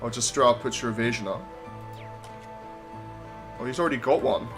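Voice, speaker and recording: A man's voice: mid-range voice, moderate pace, music in the background. Chatty Scottish man playing a game. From Scotland. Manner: chatty, rambling, self-mocking. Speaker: let's play gamer. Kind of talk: casual gameplay commentary.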